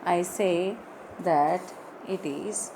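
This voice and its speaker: A woman teaching words in an online lesson, slowly spelling words out letter by letter. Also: fairly low pitch, background noise. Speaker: English teacher.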